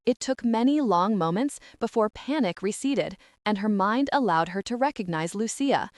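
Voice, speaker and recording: A woman narrating a novel as an audiobook reader, in even, expressive storytelling. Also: medium pitch, normal speed, no echo, clean studio sound. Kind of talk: scripted narration.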